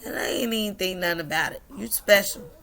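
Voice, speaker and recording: Gravelly, bright-voiced woman storyteller. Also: fairly low pitch, very fast. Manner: emotional, laughing and tearful at times. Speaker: vlogger. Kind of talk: personal storytelling.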